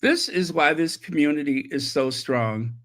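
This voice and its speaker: A man's voice: on the high side, measured pace, fairly bright tone. A man hosting a casual livestream, chatting and reacting to viewer messages with many fillers. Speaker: channel host.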